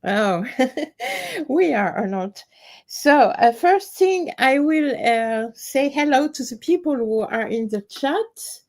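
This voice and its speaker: Woman, French accent, live stream host, slow, slightly high voice, halting English. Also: animated, darkish tone. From France. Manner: halting, searching for English words.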